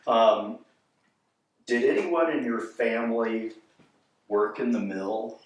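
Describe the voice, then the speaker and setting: A man interviewer puts gentle, hesitant questions to his guest. His voice sits in a middle pitch. He is heard from across a very reverberant room. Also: expressive, slow. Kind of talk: oral history interview questions. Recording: very echoey room from a distance.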